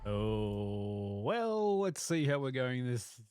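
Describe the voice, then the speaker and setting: A man's voice: mid-range voice, sing-song, extremely slow, a little mellow, smooth, soft background music. A man hosting a podcast in casual chat, joking and laughing as he rambles. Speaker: podcast host.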